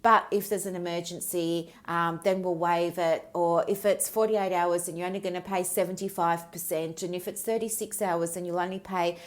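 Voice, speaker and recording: A woman's voice: lowish voice, fairly even intonation, normal speed, hardly any pauses. A middle-aged woman hosting a solo podcast, telling a story from her practice in a candid, chatty way and drifting onto tangents. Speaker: podcast host and business mentor.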